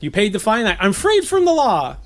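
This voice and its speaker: A man from Southern California giving a relaxed, chatty sermon, laughing often and slipping into playful voices. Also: high voice, fairly quick. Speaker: preacher. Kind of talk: casual sermon teaching. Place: gathering.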